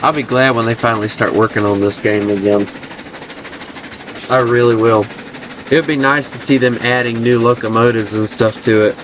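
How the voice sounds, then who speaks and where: A man's voice: mid-range voice, steady tone, normal speed, background noise. A man with a Southern US accent, chatting loosely and rambling at home while he plays a video game. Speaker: gaming channel host. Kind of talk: casual gameplay chat.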